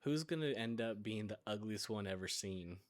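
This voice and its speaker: This is a man with a lowish voice hosting a loose, friendly chat. He reads out playful questions and keeps breaking into laughter. The sound is close and dry, with no room around it. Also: animated, normal speed, no room sound. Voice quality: laughs often while asking. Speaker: podcast host asking questions. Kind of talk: casual chat.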